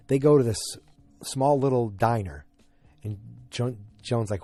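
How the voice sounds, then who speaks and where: Male podcast host, casual recap, halting and rambling delivery, dry close sound. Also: medium pitch, dark tone, dry recording. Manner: rambling, halting, many fillers and restarts.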